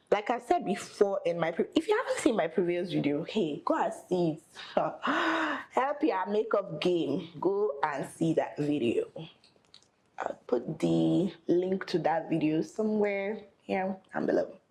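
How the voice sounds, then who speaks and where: A woman's voice: on the low side, sing-song, measured pace, darkish tone, poor audio. A young woman chatting casually while doing her makeup. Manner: chatty, thinking aloud while applying makeup. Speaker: makeup artist vlogger. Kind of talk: casual get-ready-with-me chat.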